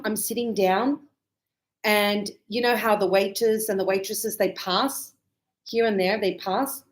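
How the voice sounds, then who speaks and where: A middle-aged woman teaching English in a chatty, animated way. Her voice sits a little high. She acts out examples by calling out loudly. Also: rough recording. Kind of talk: classroom lesson.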